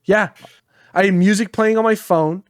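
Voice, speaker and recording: A man's voice: high-pitched, normal speed, clean tone, dry recording, clean studio sound. A tired man co-hosting a podcast in casual chat, rambling and swearing freely. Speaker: podcast co-host.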